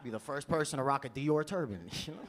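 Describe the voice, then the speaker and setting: Over a noisy background, a man's medium-pitched voice rattles along at a quick pace. He's a stand-up comedian from New York in his 20s, doing a chatty, loose set at a comedy club, cracking himself up and often asking "you know?".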